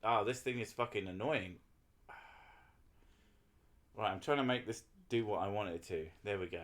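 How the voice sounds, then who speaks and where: A man's voice: on the low side, moderate pace, fairly bright tone. A man chatting casually on a livestream, rambling and swearing while he talks to his viewers. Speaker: streamer.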